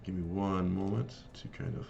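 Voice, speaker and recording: A man serving as game master for a live-streamed tabletop game. He talks haltingly and apologetically, with frequent fillers. His voice is very deep with a gravelly rasp. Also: steady tone, warm tone, dull audio, slight background noise.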